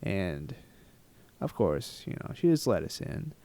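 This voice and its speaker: A man telling a travel story in a rambling, animated, self-mocking storytime vlog style. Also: low voice, unhurried, creaky, dry recording. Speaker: travel vlogger.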